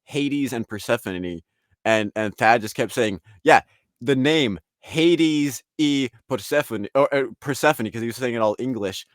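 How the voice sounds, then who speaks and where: A man's voice: mid-range voice, normal speed, dry recording, clean studio sound. A man guesting on an interview podcast, talking casually and rambling, acting out quotes from other people. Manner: rambling, animated, acts out quotes in voices. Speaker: guest artist and league founder.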